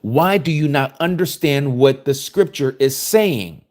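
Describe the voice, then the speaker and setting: Male preacher, mid-pitched, lively and emphatic, scripture-study sermon. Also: measured pace. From United States. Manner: emphatic, preachy, reading verses aloud and commenting on them.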